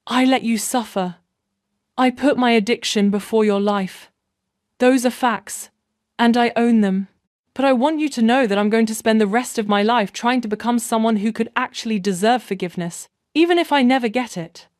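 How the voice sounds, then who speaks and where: A woman's voice: a little high, normal speed, a little mellow, dry recording, clean studio sound, lightly acted. A woman reading as an ashamed, apologetic wife. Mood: contrite. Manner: tearful, apologetic.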